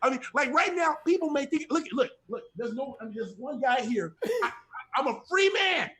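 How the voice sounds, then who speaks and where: A man's voice: very high voice, fairly quick, fairly bright tone. A middle-aged man speaking from home as a guest on a ministry talk show, giving an impassioned testimony in an emphatic, repetitive, preacherly cadence.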